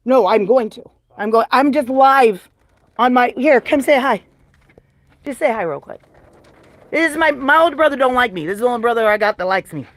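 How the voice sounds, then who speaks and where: A woman's voice: a little high, lively intonation, brisk, no room sound. A woman chatting casually on a live stream from home, folksy and self-mocking as she shows off her handmade blankets.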